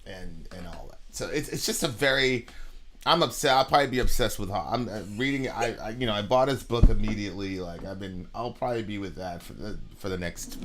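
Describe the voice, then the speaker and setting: A young man co-hosting a casual podcast conversation, talking in an animated way and repeating words as his thoughts pile up. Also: lowish voice, fairly quick, noisy background. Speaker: podcast co-host.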